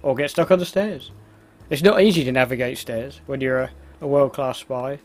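A man's voice: mid-range voice, normal speed. A man giving casual, self-mocking commentary while playing a video game. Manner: chatty, exclaims at the game, laughs at himself. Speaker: let's play host.

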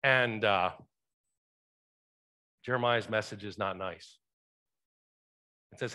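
A man's voice: lowish voice, slow, long pauses, sharp tone. A male pastor preaching a sermon in a church, talking conversationally and asking the congregation questions. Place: church sanctuary.

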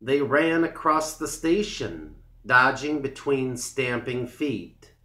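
A man narrating a children's story in a slow, clear, deliberate way for English learners. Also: medium pitch, lively intonation, sharp tone. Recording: roomy echo.

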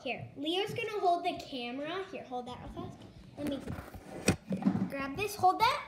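A woman's voice: high voice, lively intonation, normal speed. Bossy chatty girl in a noisy home video. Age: child. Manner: bossy, chatty, directs her brother. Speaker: vlog host. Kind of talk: casual slime tutorial vlog.

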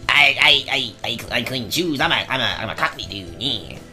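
A woman's voice: rumbling low, expressive, moderate pace, bright, forceful tone, soft background music, pitched below the performer's own voice, heavily acted. A woman voicing a humble cockney shoe-cleaner with a put-on cockney accent, stammering and pleading.

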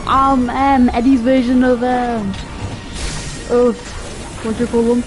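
High-voiced woman gaming over loud music. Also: level tone, takes it slowly. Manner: rambling, joking, yelling at the game. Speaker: gamer. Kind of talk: casual gaming commentary. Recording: game music playing behind. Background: game music.

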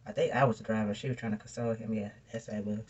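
A woman's voice: very deep voice, racing, husky, lo-fi sound. A young woman, chatting animatedly to viewers while doing her makeup. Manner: animated, chatty, addresses viewers as y'all and girl. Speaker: beauty vlogger. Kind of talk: casual storytelling makeup tutorial.

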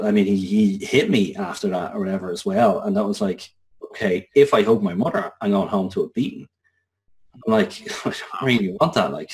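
An Irish man in his thirties, a guest telling a personal story with many restarts. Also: fairly low pitch. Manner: halting, many restarts and fillers. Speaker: interview guest.

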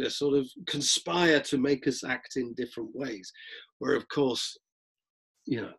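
A middle-aged man, a drama teacher, lecturing students in a lively way and acting out examples as he goes. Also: medium pitch, unhurried, vocal fry, slightly rough. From London, England. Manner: lively, acts out examples, frequent restarts. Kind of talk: lecture-style talk to students.

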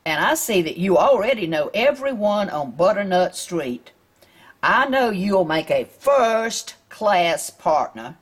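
A kind mail lady offers a stray dog a home in a slow, soft, slightly husky voice, as a woman reads her note aloud from a picture book. She sounds gentle and affectionate. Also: medium pitch, big pitch swings, heavily acted. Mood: tender. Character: kind female letter carrier writing a warm note.

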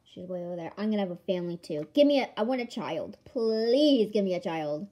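A woman giving casual commentary on a board game she is playing, excitable, with melodramatic outbursts and playful taunting of her opponent. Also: mid-range voice, brisk. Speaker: gamer filming a board game. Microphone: camera mic.

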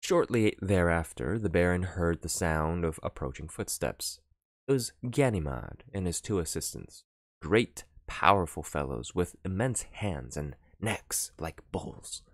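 A man narrating a classic novel as an audiobook, in an expressive, theatrical reading. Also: deep voice, a little slow, no echo, clean studio sound.

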